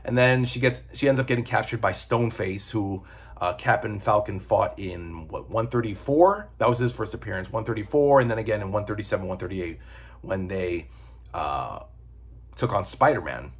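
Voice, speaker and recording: A man's voice: on the low side, moderate pace, breathy edge. A man reviewing comic books in a rambling, casual chat, swearing and digressing as he goes.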